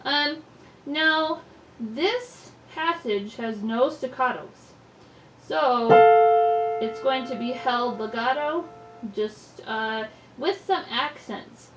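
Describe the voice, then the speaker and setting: Slow-talking woman teaching piano. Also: high-pitched, far from the mic. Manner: patient, explains each finger and note in turn. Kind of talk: step-by-step piano lesson. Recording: echoey room, mic set back, loud piano. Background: piano playing.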